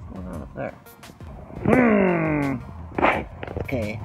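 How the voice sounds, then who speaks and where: Man, mid pitch, casual DIY narration, wisecracking, outdoors under a boat, phone mic, music underneath. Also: normal speed, long pauses, poor audio. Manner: joking, wisecracking, talks to himself while working. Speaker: sailboat vlogger. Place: outdoors under a sailboat in a boatyard. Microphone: handheld phone.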